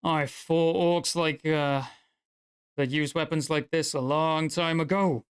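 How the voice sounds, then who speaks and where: A man's voice: on the high side, steady tone, takes it slowly, smooth, voice pushed up. A man voicing an elderly, scarred male dwarf blacksmith who speaks bluntly and in clipped phrases while he haggles. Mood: gruff.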